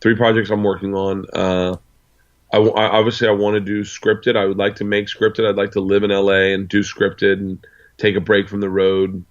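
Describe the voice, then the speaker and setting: A man's voice: fairly low pitch, normal speed. A man, a comedian guest, telling stories in casual chat, swearing freely and acting out both sides of conversations. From United States. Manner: profane, animated storyteller acting out dialogue. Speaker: interview guest, stand-up comedian. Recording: dull lo-fi sound.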